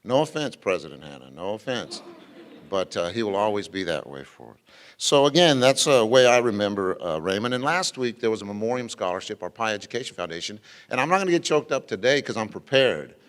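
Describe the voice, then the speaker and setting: A man's voice: lowish voice, big pitch swings, brisk, a bit bright, big-room sound. A middle-aged man, a former school superintendent, giving an informal dedication speech full of anecdotes, fillers and restarts. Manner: folksy, rambling, frequent fillers and restarts. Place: ceremony venue with an audience.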